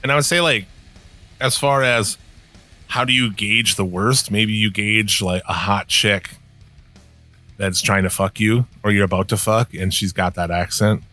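A man's voice: lowish voice, fairly even intonation, measured pace, pushed and bright, soft background music. A man from the upper Midwest co-hosting a podcast, talking in a profane, rambling, casual way. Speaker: podcast co-host. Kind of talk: casual chat.

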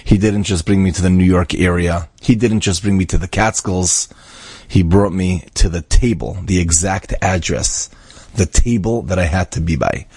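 A man's voice: sits low, normal speed, a little mellow, husky, no room sound. A man voicing a grateful young Israeli man giving an earnest speech at a dinner table.

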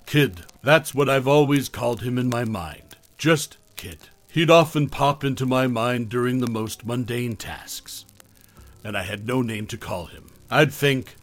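A man narrating a first-person horror story in a measured, dramatic way. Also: mid-range voice.

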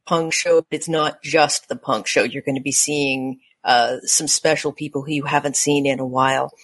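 A woman's voice: very deep voice, steady tone, moderate pace, slightly rough. A woman from Montreal, a podcast co-host, talking in a wry, chatty, self-deprecating way. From Montreal, Canada. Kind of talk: casual podcast chat.

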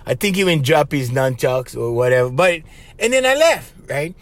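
Lively Hawaiian man spinning a yarn. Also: on the high side, moderate pace, no room sound. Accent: Hawaiian Pidgin-tinged English. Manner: animated, chatty, keeps saying "bro" and "right?", laughs between lines. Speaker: podcast host. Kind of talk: casual storytelling monologue.

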